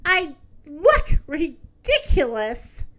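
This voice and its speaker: An earnest, self-conscious female hippopotamus from a storybook, voiced by a woman reading aloud. She speaks slowly and plaintively, in a bright, high and lively voice. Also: full character voice.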